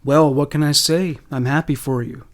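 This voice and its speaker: A man's voice: on the high side, fairly even intonation, normal speed, natural voice. A man voicing a father who asks breezy, probing questions with a hidden menace. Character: jovial father masking menace.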